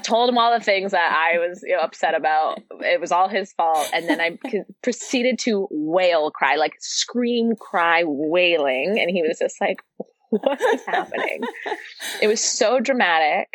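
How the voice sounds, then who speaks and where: A woman's voice: lowish voice, unhurried, hardly any pauses, no echo. A woman in her thirties, a yoga teacher and podcast guest, telling stories in earnest and drawing out key words. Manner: earnest and animated storytelling, draws out key words. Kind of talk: casual podcast conversation.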